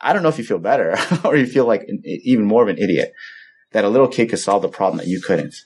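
A man's voice: fairly low pitch, lively intonation, fast talker, darkish tone, slightly rough. A man preaching a sermon as a pastor, telling the story in a conversational way and acting out the voices of the people in it.

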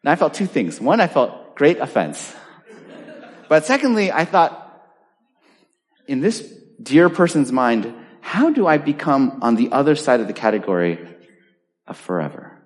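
A man's voice: mid-range voice, very animated, measured pace, long pauses. A middle-aged man preaching a sermon as pastor, emphatic and full of rhetorical questions. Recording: reverberant hall.

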